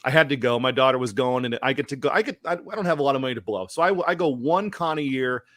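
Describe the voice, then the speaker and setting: A middle-aged man hosting a casual chat, an excitable storyteller who acts out quotes loudly. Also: mid-range voice, fast talker, dry recording. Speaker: show host.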